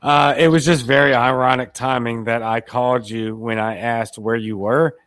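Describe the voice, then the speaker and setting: A man's voice: medium pitch, steady tone, normal speed, a bit bright, no echo. A man hosting a casual live call-in chat, rambling and joking in a dry way. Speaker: show host.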